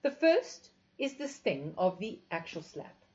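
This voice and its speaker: A woman's voice: on the low side, very animated, a little mellow. Woman putting on a commanding sultry teacher lady, bouncy voice, teasing, kinda muffled audio. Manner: teasing, authoritative, brisk instructions. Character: sultry, commanding female instructor. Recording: dull lo-fi recording.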